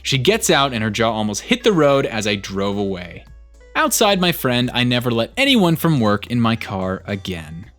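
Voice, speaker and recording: A man narrating online posts aloud as a storyteller, reading in a lively way. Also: mid-range voice, normal speed, soft background music.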